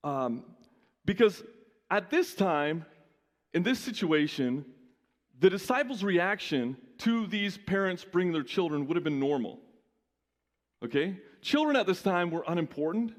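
A male pastor giving a lively, conversational sermon, often restarting his sentences. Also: high-pitched, a little slow, in a large hall.

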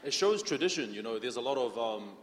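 A man's voice: mid-range voice, very animated, fast. A man contestant on a panel, answering hesitantly with hedges and laughs. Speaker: dating show contestant. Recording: echoey hall with loud noise.

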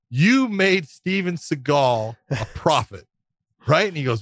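A man telling a casual anecdote on a talk show, animated, laughing through it and swearing freely. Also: fairly high pitch, moderate pace, dry recording. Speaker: podcast co-host telling a story. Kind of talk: casual storytelling.

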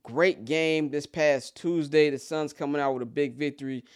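A man's voice: on the high side, steady tone, moderate pace, smooth. A man from Chicago giving a casual, blunt and profane sports rant as a commentator, opinionated throughout.

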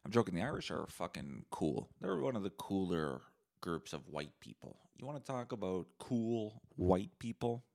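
A man's voice: low voice, normal speed, vocal fry, hardly any pauses. A young man from Canada hosting a podcast, delivering a sarcastic, profane solo rant. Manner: sarcastic, profane, animated ranting. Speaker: podcast host.

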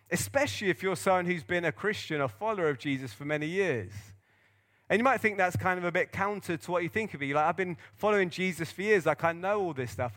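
A man with a fairly high voice preaches a sermon as a pastor. He speaks in an earnest, animated way and lets his tone rise and fall as he tells a story.

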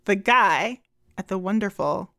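A woman co-hosting a podcast, relaxed and casual, reading out listeners' book recommendations. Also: mid-range voice, a little slow, dry recording, studio quality. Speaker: podcast co-host.

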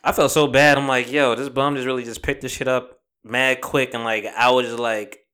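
A man's voice: medium pitch, little pitch movement, bright, forceful tone, clear, resonant tone. A man hosting a podcast, chatting casually and telling a rambling story full of fillers and swearing. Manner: says he talks fast. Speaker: podcast host. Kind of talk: casual chat.

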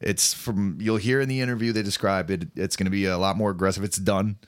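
A man's voice: low voice, fairly even intonation, fast talker, no echo. A man co-hosting a casual podcast, swearing freely and joking with his co-host. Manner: profane, jokey, bursts into loud mock voices. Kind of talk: casual banter.

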